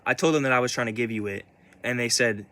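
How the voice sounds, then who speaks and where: A man's voice: mid-range voice, fast, pushed and bright. A young man telling a personal story in a casual way. He stumbles, restarts and repeats himself often, swears, and sounds upset. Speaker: vlogger.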